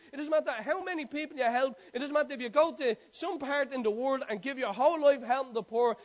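High-voiced man preaching. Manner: storytelling, conversational, quotes scripture. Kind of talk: sermon.

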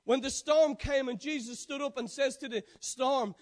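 A man's voice: extremely high pitch, moderate pace, few pauses. A man preaching a sermon, building emphatic repeated declarations and often correcting himself mid-sentence. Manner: emphatic, repetitive declarations with frequent self-corrections.

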